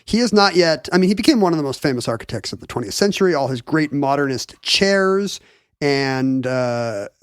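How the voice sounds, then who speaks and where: Guy with a higher voice telling a story on a podcast, jokey, laughs a lot, very dry mic. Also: lively intonation, moderate pace, clear, resonant tone, no echo. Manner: joking, playful, laughs often. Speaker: podcast co-host. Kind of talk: casual chat, storytelling.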